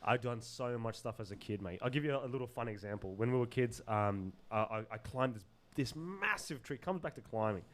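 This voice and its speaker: A man telling stories as a podcast guest, animated and loose with slang and swearing, laughing often. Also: medium pitch, brisk, few pauses. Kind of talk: casual storytelling in an interview.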